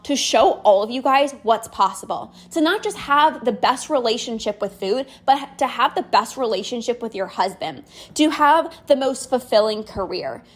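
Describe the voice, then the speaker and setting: Tearful high-voiced woman podcast host. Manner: tearful, earnest, many fillers like "like" and "you know". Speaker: podcast host and binge eating coach. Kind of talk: emotional personal podcast monologue. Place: outdoors on a walk.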